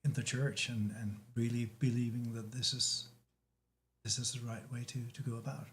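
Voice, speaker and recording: A man from Denmark with a Danish accent, talking as a guest in a casual chat, halting with many restarts and fillers. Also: medium pitch, flat delivery, fairly bright tone, slight background noise.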